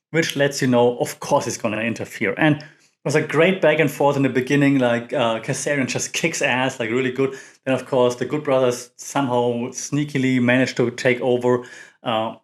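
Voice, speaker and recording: A man hosts a casual wrestling recap podcast in a mid-range voice. He talks in a loose, chatty ramble, full of fillers and quick restarts. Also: medium pitch. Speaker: podcast host.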